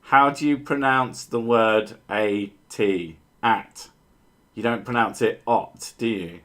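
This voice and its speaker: A man's voice: on the low side, steady tone, slow pace, fairly bright tone. A man hosting a podcast, trading crude jokes in casual chat. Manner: crude, joking banter with bursts of silly voices. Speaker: podcast host.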